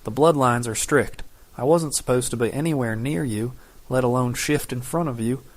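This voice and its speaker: Man voicing a gruff young shapeshifter, curt growls, average pitch, audiobook. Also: moderate pace, dry recording, close to an everyday voice. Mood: gruff, tense.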